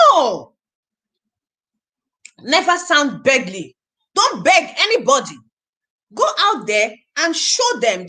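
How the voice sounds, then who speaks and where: A woman leading a motivational training talk on recruiting, emphatic and repetitive, drilling each point home. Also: a little high. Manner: acts out the prospect conversations in animated voices. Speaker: network marketing team leader and trainer.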